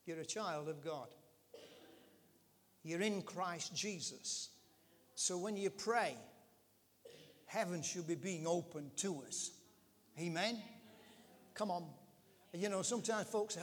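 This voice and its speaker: Slow, high-voiced preacher in a reverberant hall. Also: male voice. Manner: emphatic preaching with call-outs to the congregation. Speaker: pastor. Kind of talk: sermon. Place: church with a gathered congregation.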